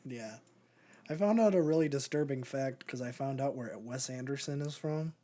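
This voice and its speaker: Joking male podcast co-host with a warm, mellow tone. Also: mid-range voice, normal speed. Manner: rambling, joking, laughs often. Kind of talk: casual chat.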